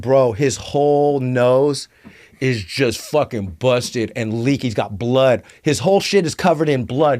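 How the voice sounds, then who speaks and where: A man telling a story in casual, animated, profanity-heavy slang as an interview guest. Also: medium pitch.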